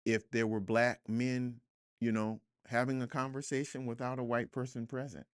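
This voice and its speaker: A man's voice: mid-range voice, level tone, normal speed, clear, resonant tone, no room sound. A man speaking as a guest author in a studio interview, earnest and reflective, building to emphatic points. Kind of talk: podcast interview conversation.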